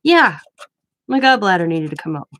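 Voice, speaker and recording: A woman's voice: on the low side, sing-song, normal speed, a bit bright, dry recording. A woman in her forties telling a personal story in a casual, chatty way, acting out the quoted dialogue. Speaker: craft vlogger.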